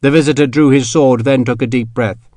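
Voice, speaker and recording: A man narrating an audiobook in a steady, measured storytelling voice. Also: medium pitch, no echo. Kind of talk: scripted narration.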